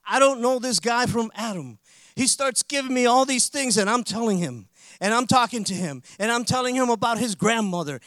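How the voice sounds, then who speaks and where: A man preaching a sermon, telling a story with lively, animated delivery that builds into forceful preaching. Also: sits high, no echo.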